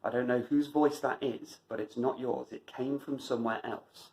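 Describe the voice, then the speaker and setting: A man's voice: mid-range voice, fairly even intonation, normal speed, darkish tone, rough recording. A man delivering an emphatic motivational monologue as a running vlogger, driving points home by repeating phrases.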